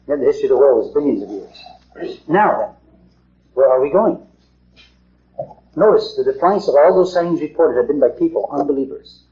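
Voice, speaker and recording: A middle-aged man giving an earnest talk to a small group, asking rhetorical questions and repeating himself. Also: on the high side. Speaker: lecturer. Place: meeting hall. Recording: echoey hall, dull 1950s tape.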